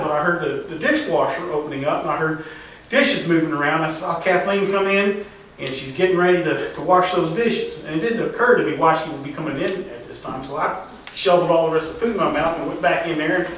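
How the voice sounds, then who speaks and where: A middle-aged man telling a rambling, folksy story to a live audience, halting with fillers. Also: high voice, fairly bright tone, slight background noise. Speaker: storyteller at a tall-tale contest. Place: contest stage in a hall. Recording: distant, echoey hall recording.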